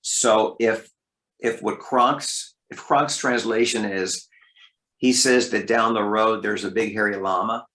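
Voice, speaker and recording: A man with a fairly low voice tells career stories as an interview guest. He talks in a lively way and jumps up in pitch to land a point. The recording has a roomy echo. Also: slow. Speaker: voice actor guest. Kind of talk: interview storytelling.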